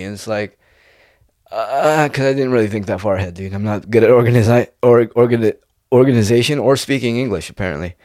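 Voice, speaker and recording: A man's voice: mid-range voice, brisk, darkish tone, dry recording, studio quality. A young man in a casual, rambling monologue, laid-back and peppering his talk with "dude". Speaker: vlogger.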